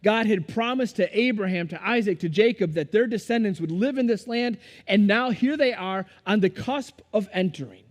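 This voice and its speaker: A man's voice: sits high, moderate pace, few pauses, in a large hall. A man preaching a sermon as pastor, in a loose, conversational way that keeps checking in with the congregation. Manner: conversational, asks the congregation questions. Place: church sanctuary.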